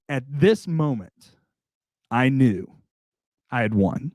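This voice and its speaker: A chatty man tells a casual, self-mocking anecdote, circling back and repeating himself as he goes. His voice sits at an ordinary middle pitch. The sound is dry and close, with no room echo. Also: animated, slow, pauses often, a little mellow. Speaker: salesman telling a work story. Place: indoor room.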